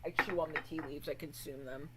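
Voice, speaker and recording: A woman streamer chatting casually with her viewers, animated and swearing a lot. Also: deep voice, fast talker, noisy background.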